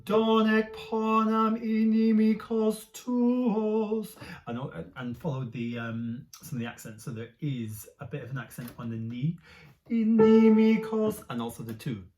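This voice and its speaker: A woman leading a choir rehearsal, chanting Latin phrases slowly and adding soft, quick tips in an encouraging, relaxed way. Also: extremely low pitch, faint music behind. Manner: chanting slow Latin demonstrations between quick, soft asides. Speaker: choir leader.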